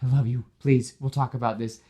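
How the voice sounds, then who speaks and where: Man voicing a nervous young guy, quippy, stammers, higher than his own voice. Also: flat delivery, a little fast, warm tone, natural voice. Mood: flustered. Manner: quippy, flustered.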